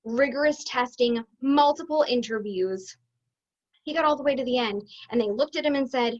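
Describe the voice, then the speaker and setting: A woman coach telling a personal story to viewers in a chatty, expressive way. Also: high-pitched, moderate pace, lo-fi sound. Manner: chatty and expressive, acts out quoted voices. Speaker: business coach.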